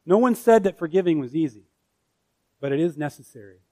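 A man's voice: a little high, animated, brisk, a little mellow, no room sound. A man preaching a sermon as pastor, emphatic and full of rhetorical questions.

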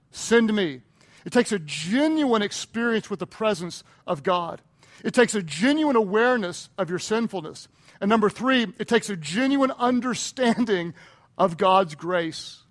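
A male pastor preaching a sermon with passion, moving between hushed, intimate passages and loud, emphatic repeated phrases. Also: high voice. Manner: repeats phrases for rhetorical punch.

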